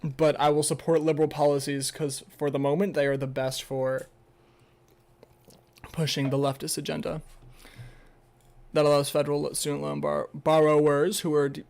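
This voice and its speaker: A man's voice: a little high, flat delivery, normal speed, gravelly, a little mellow. A young man on a casual livestream, reading an article aloud with stumbles and rambling, sarcastic asides full of swearing. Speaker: streamer.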